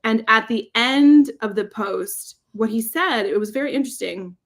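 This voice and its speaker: A woman's voice: on the high side, moderate pace, hardly any pauses. A woman co-hosting a casual marketing podcast, rambling and restarting her sentences while minding her child. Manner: rambling, self-interrupting, laughs often. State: juggling childcare while talking. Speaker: podcast co-host.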